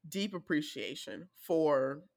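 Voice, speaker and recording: A woman from the American South co-hosting a podcast in casual chat, telling animated stories and laughing often. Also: low voice, takes it slowly, gravelly, no room sound, clean studio sound. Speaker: podcast co-host.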